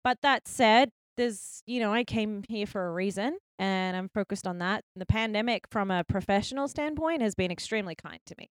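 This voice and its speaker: A woman's voice: medium pitch, moderate pace, few pauses, no room sound, clean studio sound. A young woman with an Australian accent, a filmmaker chatting casually as an interview guest, full of likes and restarts.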